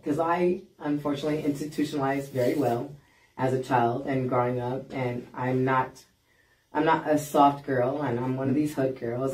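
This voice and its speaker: A woman guest on a podcast telling a story in a blunt, animated way and acting out what people said. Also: rumbling low. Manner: blunt, animated, acts out quoted lines. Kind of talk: casual storytelling. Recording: roomy sound, mic at a distance.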